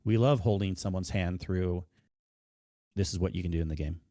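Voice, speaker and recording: Calm, low-voiced man guesting on a podcast. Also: normal speed, no echo, clean studio sound. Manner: calm, patient, soft-spoken. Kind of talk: casual gaming podcast chat.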